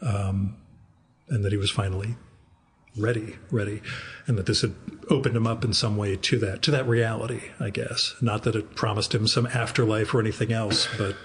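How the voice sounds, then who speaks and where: A man's voice: fairly low pitch, steady tone, normal speed, a little hiss or hum. A man in his fifties hosting a podcast, telling rambling, wry anecdotes in a casual interview. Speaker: podcast host.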